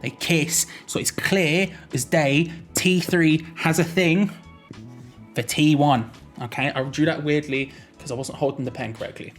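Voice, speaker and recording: A man's voice: on the high side, steady tone, measured pace, soft background music. A young man giving a jokey, rambling explainer vlog, often correcting himself mid-sentence. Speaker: YouTuber.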